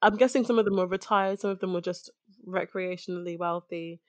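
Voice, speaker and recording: A woman chatting as a podcast co-host, wry and measured with dry humor. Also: on the low side, fairly even intonation, dry recording. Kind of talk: casual chat.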